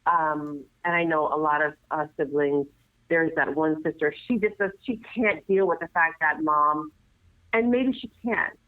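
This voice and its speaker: A woman, a nurse guest, giving earnest, animated advice in conversation, often restarting her sentences. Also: low-pitched, a little slow, no echo. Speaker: nurse and assisted living administrator, guest. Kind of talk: conversational interview. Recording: tinny phone line, dry.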